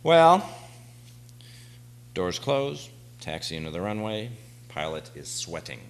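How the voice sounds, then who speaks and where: A man performing a live stage monologue, telling an adventure story dramatically, swinging from hushed to shouting. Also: fairly low pitch, sing-song, slow, rough recording. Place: small theater stage.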